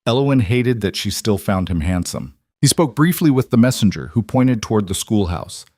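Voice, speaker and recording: A man giving a scripted narration of a romance story in a steady, even way. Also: lowish voice, moderate pace, dry recording, studio quality.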